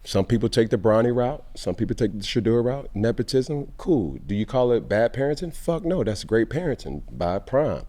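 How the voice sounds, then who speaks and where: A man's voice: medium pitch, very animated, normal speed, hardly any pauses, mellow. A man hosting a casual sports podcast, talking emphatically and firing off rhetorical questions. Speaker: podcast host.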